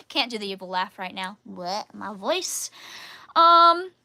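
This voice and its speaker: A woman's voice: medium pitch, lively intonation, moderate pace, sharp tone. A woman hosting a casual live Q&A, chatting in a bubbly, giggly way. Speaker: channel host answering viewer questions.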